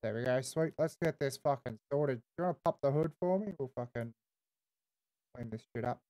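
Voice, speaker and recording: A man's voice: medium pitch, a little fast, mellow. An Australian man streaming casual in-character game roleplay, laid-back and swearing constantly, tagging "eh" onto his lines.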